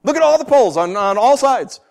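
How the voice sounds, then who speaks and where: A man preaching a sermon, asking rhetorical questions and swinging from quiet asides to loud declarations. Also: very high voice, lively intonation, moderate pace, creaky.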